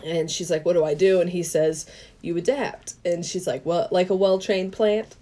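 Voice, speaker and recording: Laughing woman recapping a movie plot. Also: lowish voice. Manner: animated storytelling, quick to laugh, acts out quoted lines. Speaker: podcast co-host.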